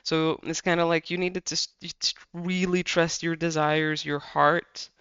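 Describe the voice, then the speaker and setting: A tarot reader giving a casual pick-a-pile reading, chatty and excitable, swearing freely. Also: mid-range voice, smooth, dry recording, muffled recording.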